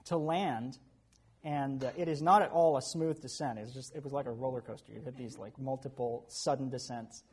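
A man preaching a sermon who tells animated stories with chuckles and asides. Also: a little high, husky. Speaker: pastor.

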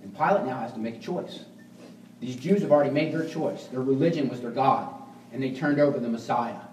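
A male pastor preaching to his congregation, earnest and unscripted, sliding between quiet stretches and forceful bursts and tripping over repeated words. His voice carries through an echoing sanctuary from a mic some distance away. A faint hum of the room sits underneath. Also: medium pitch, brisk. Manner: frequent restarts and repeated words. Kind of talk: sermon.

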